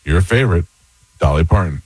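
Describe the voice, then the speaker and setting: Deep-voiced laid-back male radio host. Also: expressive, brisk, a little mellow, slightly rough, no echo. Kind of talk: casual radio banter. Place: radio studio. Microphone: studio microphone.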